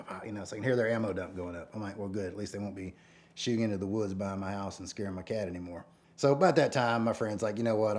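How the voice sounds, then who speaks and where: A man telling a rambling story in a casual, animated way, acting out quotes and sounds. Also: lowish voice. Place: rural North Georgia home.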